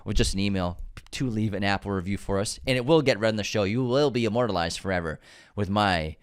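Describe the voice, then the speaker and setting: A man's voice: lowish voice, fast, smooth. A man with a nasal voice, co-hosting a podcast, chatting casually and reading out the show's support plugs. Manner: relaxed banter, friendly plug delivery. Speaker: podcast co-host. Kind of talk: casual chat and read-out show promos.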